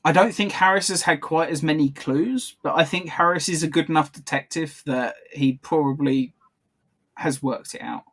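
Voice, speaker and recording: A man's voice: a little high, moderate pace, fairly bright tone. A man co-hosting a podcast, talking casually over a video call and often stopping to correct himself. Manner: chatty, self-correcting, laughs often. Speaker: podcast co-host. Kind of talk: casual commentary chat.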